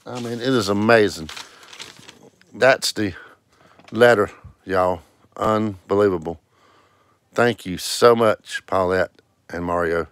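A man's voice: on the low side, takes it slowly, long pauses, a bit bright. A man hosting a casual live stream, greeting viewers one by one in a sing-song way and calling out scratch-ticket numbers. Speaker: livestream host.

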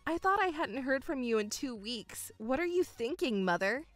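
A woman voicing a patient young woman, an elder daughter, speaking in a restrained, exasperated and quietly sarcastic way. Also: high voice, animated, normal speed, no room sound, soft background music. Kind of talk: voiced story narration.

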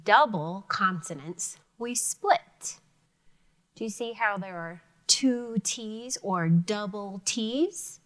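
A woman teacher giving an elementary phonics lesson, sounding out words carefully and clearly for young students. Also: medium pitch, slow.

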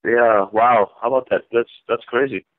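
A man's voice: mid-range voice, steady tone, normal speed. A man hosting a call-in Bible study, questioning listeners and prompting them for answers. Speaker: host leading a Bible study. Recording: dull, dry lo-fi sound.

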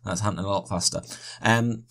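A man's voice: on the low side, fairly even intonation, a little fast, vocal fry, fairly bright tone. A man giving rambling, self-correcting commentary over his own gameplay and chuckling often. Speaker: let's play host.

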